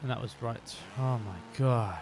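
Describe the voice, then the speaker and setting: A man streaming a motorbike game live, chatting casually with viewers, joking at himself and now and then shouting at the game. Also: medium pitch, a little slow, background noise. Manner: chatty, self-deprecating, bursts into shouts.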